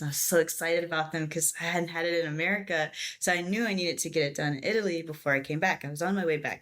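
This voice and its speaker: A young adult woman, a podcast guest, telling a story in casual chat and acting out the people she quotes. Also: low voice. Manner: animated storytelling, acts out quoted voices.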